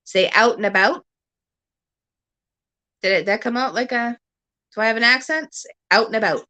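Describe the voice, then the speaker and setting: Chatty Canadian woman, slightly high voice. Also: normal speed, bright, forceful tone. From Ontario, Canada. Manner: rambling, chatty, laughs often. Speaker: livestream host. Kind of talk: casual chat. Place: at home. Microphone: camera on a stand.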